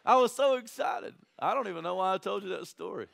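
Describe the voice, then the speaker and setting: Guy preaching a sermon, high voice that jumps all over, chatty with lots of "right?". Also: quick pace, vocal fry. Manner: animated, conversational preaching with frequent "right?" asides. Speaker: pastor.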